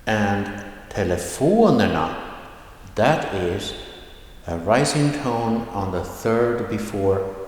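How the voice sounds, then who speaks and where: A man teaching a language lesson, reading word lists slowly and enunciating each word clearly. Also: fairly low pitch, expressive. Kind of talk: pronunciation lesson. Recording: echoey room with long reverb.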